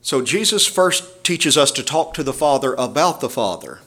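Man, pastor, sermon, emphatic measured delivery, mid pitch. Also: big pitch swings, fairly bright tone. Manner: preaching with emphatic, measured phrasing and scripture quotes.

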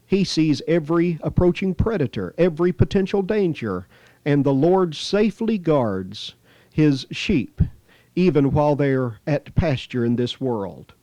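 A man's voice: fairly high pitch, lively intonation, a little slow, dark tone, no echo. A man preaching a sermon with scripture readings, earnest and emphatic, rising on key phrases. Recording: slightly dull lo-fi dry recording.

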